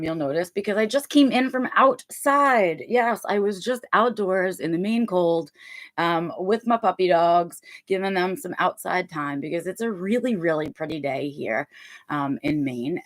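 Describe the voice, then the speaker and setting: A woman's voice: lowish voice, fairly bright tone. A woman hosting a casual livestream from home, talking in a chatty, rambling way and often checking in with her listeners. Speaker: livestream host.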